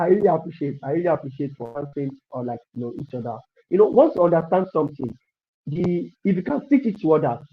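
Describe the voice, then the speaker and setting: A man's voice: a little high, slight background noise. Upbeat man teaching code, lo-fi. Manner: repetitive, encouraging, thinks aloud while typing. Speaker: coding instructor. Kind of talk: live online coding lesson. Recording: dull lo-fi stream audio.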